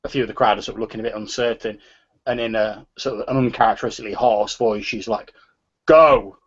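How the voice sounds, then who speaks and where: A man's voice: fairly low pitch, flat delivery, fast, husky. A man running a tabletop role-playing game as game master, narrating hesitantly and often repeating words. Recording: dull lo-fi recording.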